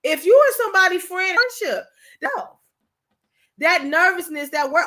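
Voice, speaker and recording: On a livestream, a woman delivers an informal pep talk directly to her viewers, her voice extremely high, animated, slightly slow, pushed, and bright. She hammers her points home through emphatic repetition, often asking, "you understand what I'm saying?", in a conversational way.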